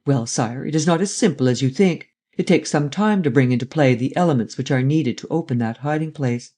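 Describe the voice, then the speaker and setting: A man voicing Lupin, a witty, mocking gentleman thief, in a read-aloud adventure story. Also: mid-range voice, a little fast, natural voice. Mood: calm. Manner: mocking, jaunty.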